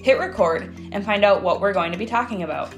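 A woman's voice: medium pitch, fairly quick, soft background music. A woman co-hosting a podcast in casual chat, giggling often and talking with candy in her mouth. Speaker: podcast co-host.

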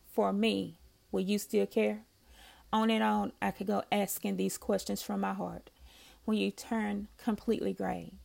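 A woman reading her own poems aloud, slow and soft-spoken, with long heartfelt pauses between lines. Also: mid-range voice, vocal fry.

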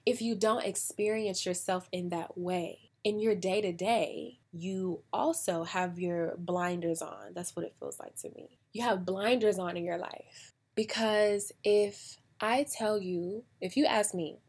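An American woman hosting a podcast in a casual, chatty way, acting out quoted voices with big jumps in pitch. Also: unhurried, hardly any pauses, darkish tone, breathy edge. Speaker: podcast host. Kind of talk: casual solo podcast talk.

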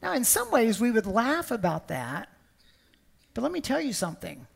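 A woman's voice: a little high, very animated, moderate pace, creaky, slightly rough. A woman preaching a sermon, emphatic and storytelling, often repeating words.

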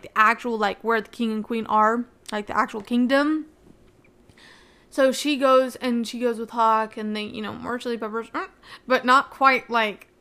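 A young woman with a slightly raised pitch talks through a book plot in a loose, excitable way. She keeps dropping "like" and "you know" into her sentences as she rushes ahead. She tries hard not to give away spoilers. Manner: chatty, heavy use of "like" fillers. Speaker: book reviewer. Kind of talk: casual book recap.

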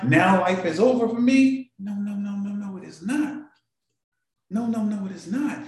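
A man's voice: high-pitched, a little mellow. A man hosting a morning show, giving an emotional motivational talk to a live audience and repeating phrases for emphasis. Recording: very echoey room.

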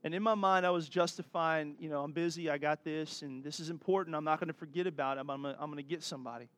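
Higher-pitched pastor preaching. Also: male voice, steady tone, fast, fairly bright tone. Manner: earnest, exhorting, with laughs and asides. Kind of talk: sermon.

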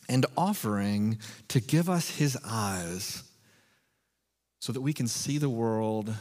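In a large hall, a male pastor at medium pitch eases into his sermon with a conversational, self-deprecating story, then moves on to scripture.

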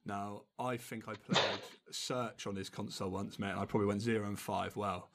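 A man's voice: on the low side, steady tone, normal speed, a bit bright. A young man hosting a podcast in casual chat, swearing freely and laughing often. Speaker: podcast host.

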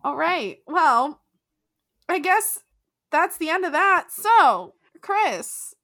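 Giggly young woman on a podcast, super bright voice, swings up and down a lot, dry sound. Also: extremely high pitch, drawn-out words, dry recording. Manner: giggly, swears freely, lively. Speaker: podcast co-host. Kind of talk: casual chat.

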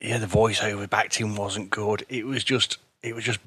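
A man's voice: on the low side, little pitch movement, normal speed, a bit bright, slightly rough, no room sound. Blunt rambling man, dry close sound. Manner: blunt, rambling, repeats words. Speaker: podcast co-host reviewing cartoons. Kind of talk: casual chat.

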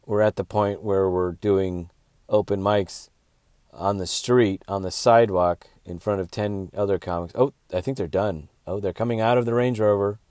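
A man's voice: fairly low pitch, darkish tone, dry recording, clean studio sound. A man hosting his own show, telling rambling, crude comedy stories in a casual monologue. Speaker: podcast host, comedian.

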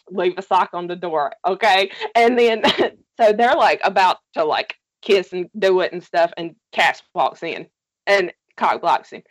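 A woman's voice: mid-range voice, dry recording. A woman casually recapping a TV series with a co-host, telling it animatedly, swearing freely and laughing often. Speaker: podcast co-host.

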